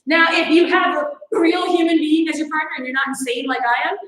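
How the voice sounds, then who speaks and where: A young woman with a high voice runs an online martial arts class, chatty and playful, laughing as she talks. She sounds like she is in a very echoey room at home. The tone is casual instruction rather than scripted. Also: fairly even intonation, fairly quick, a bit bright. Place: home training space.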